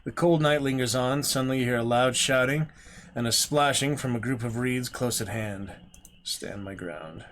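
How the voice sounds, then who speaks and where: A man streaming a gamebook, reading the story slowly and steadily, with quiet mumbled asides to himself. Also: mid-range voice, a little hiss or hum.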